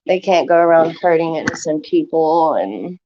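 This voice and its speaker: A woman's voice: low voice, animated, moderate pace, dark tone, muffled recording. A woman streaming to her viewers, talking loosely and rambling, with lots of filler words as she answers chat. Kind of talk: casual rambling talk to viewers.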